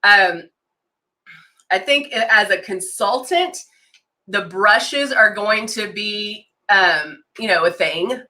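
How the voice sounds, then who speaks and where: Bright-voiced woman demoing makeup live. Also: mid-range voice, slow pace. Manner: chatty and enthusiastic, reads out viewer comments. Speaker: makeup consultant hosting a live demo. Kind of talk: casual live-stream product demo.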